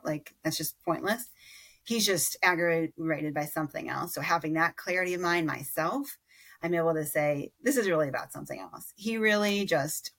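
A woman in her thirties with a low voice and a gravelly fry running through it. She talks candidly and thoughtfully about her own parenting, stopping to restart and fill pauses as she goes. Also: fairly bright tone. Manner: candid and reflective, with frequent fillers and restarts. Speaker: podcast guest. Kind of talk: conversational interview.

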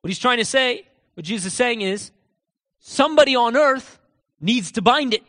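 In a large, echoing church hall, an expressive preacher with a strikingly high voice works through rhetorical questions and drives each point home. He moves at a moderate pace, slipping at times into a quiet, low aside.

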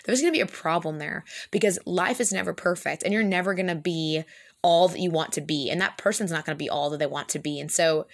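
A young woman co-hosting a casual faith podcast, chatty and animated, leaning on "like" and acting out little quotes. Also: fairly low pitch, fast talker. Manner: chatty, animated, says "like" a lot, acts out quotes. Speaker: podcast co-host.

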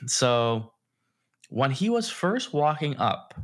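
A young man co-hosting a podcast tells a story during casual chat, animatedly acting out the quotes. He speaks slowly in a mid-range voice.

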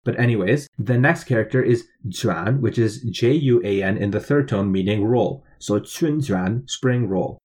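A man's voice: on the low side, normal speed, hardly any pauses, a little mellow. A man co-hosting a language lesson, spelling out each word and explaining its meaning step by step. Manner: clear, methodical explanation. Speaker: language teacher co-host.

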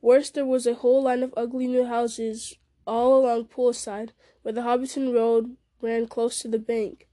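Mellow-voiced woman reading a story aloud. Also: on the high side, normal speed, few pauses, no echo. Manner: steady, with small slips and restarts. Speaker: story reader. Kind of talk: reading a fantasy novel aloud.

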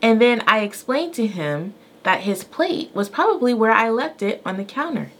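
This mother, a podcast co-host, has a fairly high voice and talks at a normal speed. Her casual story about daily life comes out lively and frank, with quoted lines performed in character.

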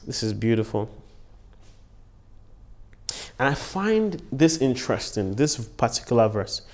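A man's voice: medium pitch, very animated, unhurried. A man giving a devotional Bible teaching as a preacher. He talks earnestly, repeats key phrases for emphasis and breaks into short words of praise between points. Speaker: preacher and podcast host.

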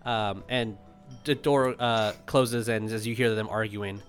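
Halting man running a tabletop game. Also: on the low side, steady tone, clean tone, soft background music. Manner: halting, many ums and uhs. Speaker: game master.

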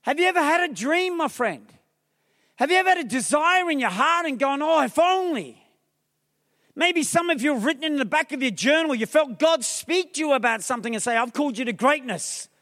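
High-voiced man preaching in a theatre. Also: fairly quick. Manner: energetic preaching, rousing the crowd with calls and questions; humorous asides. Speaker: pastor. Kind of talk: sermon. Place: large theatre hall. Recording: long reverb of a large theatre.

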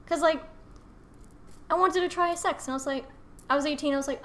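A young woman with a high voice co-hosts a podcast in loose, casual chat. She tells stories bluntly and swears freely, without holding back. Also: steady tone, fairly quick, a bit bright. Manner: frank, profane storytelling. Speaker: podcast co-host.

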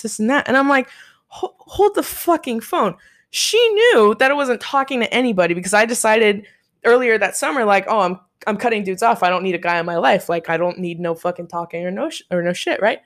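A woman's voice: medium pitch, quick pace. A young woman telling a story in casual chat, swearing freely and acting out what people said. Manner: profane, animated, quotes people in their voices.

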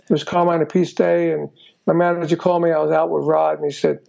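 An older man telling stories as an interview guest, rambling and filling every pause with "you know". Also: fairly high pitch, flat delivery, creaky, mellow. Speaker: guest musician. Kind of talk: casual storytelling interview. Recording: dull lo-fi recording.

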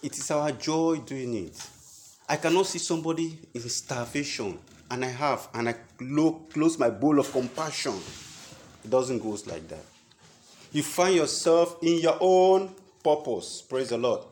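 Male pastor, higher voice, animated storytelling sermon, faint noise behind. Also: measured pace. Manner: animated storytelling, acting out quoted people.

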